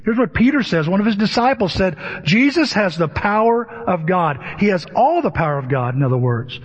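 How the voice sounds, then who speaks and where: Male pastor, sermon, husky high voice, long church reverb, muffled lo-fi sound. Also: sing-song, brisk. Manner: emphatic preaching with rhetorical questions. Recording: dull lo-fi with long hall reverb.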